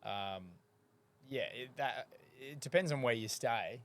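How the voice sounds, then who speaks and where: A man's voice: mid-range voice, unhurried. An Australian man in casual podcast chat, chatty and agreeable, often chiming in with short replies. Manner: chatty, agreeable, backchannels a lot. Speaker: podcast co-host or guest.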